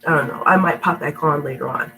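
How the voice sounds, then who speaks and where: A woman's voice: low voice, quick pace, gravelly, pushed and bright, slight background noise, poor audio. A middle-aged woman with a sick, stuffy voice who reads storybooks aloud to kids at home, then chats in a rambling, affectionate way. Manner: rambling, affectionate, laughs often. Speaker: storytime reader. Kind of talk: reading aloud to kids, then casual chat. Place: home indoors.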